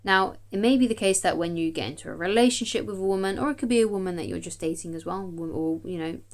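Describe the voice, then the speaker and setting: A woman's voice: mid-range voice, fast. A woman, a dating coach, giving chatty, emphatic advice straight to camera and often checking in with "okay?". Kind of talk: direct-to-camera advice talk.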